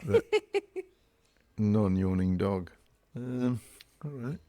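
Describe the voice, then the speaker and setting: A man co-hosting a podcast in casual chat, relaxed and wry, with some hesitation. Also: on the low side, drawn-out words, no room sound. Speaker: podcast co-host.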